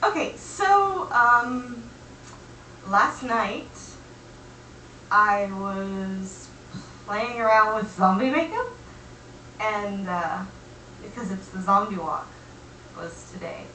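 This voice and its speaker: A young woman telling a comic personal story in a chatty, animated way, acting out quoted voices. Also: mid-range voice, slow pace, long pauses, echoey room, recorded from a distance, a little hiss or hum, poor audio.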